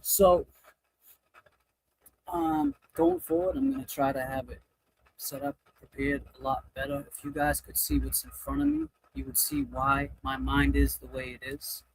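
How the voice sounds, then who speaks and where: A man's voice: fairly high pitch, normal speed, vocal fry, noisy background. A man hosting a casual livestream, reading out super chats and thanking viewers by name, stressed and overwhelmed. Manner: animated, thanking viewers one by one. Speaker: livestream host.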